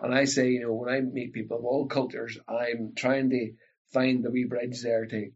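Ulster Scots man, husky, animated storyteller, dull lo-fi recording. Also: mid-range voice, moderate pace. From Northern Ireland. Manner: animated storyteller who acts out family voices. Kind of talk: casual storytelling chat.

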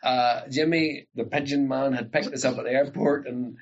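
Lively ulster scots man spinning yarns. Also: mid-range voice, normal speed, lo-fi sound. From Northern Ireland. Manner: animated storyteller, breaks into local voices. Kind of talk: casual chat.

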